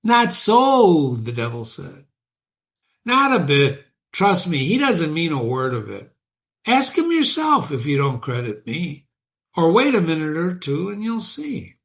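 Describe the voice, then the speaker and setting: Male reader voicing a crafty devil in a storybook reading, persuasive, smooth, pitch rising and falling. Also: wildly swooping pitch, unhurried, fairly bright tone, full character voice. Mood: knowing. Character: sly male fiend posing as a yeoman.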